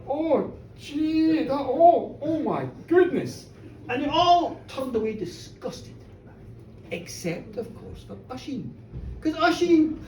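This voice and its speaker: A woman telling a folk tale live, animated, chatty and playful. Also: sits high. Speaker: storyteller. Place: pub storytelling show, indoors. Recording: roomy bar, distant mic, faint noise.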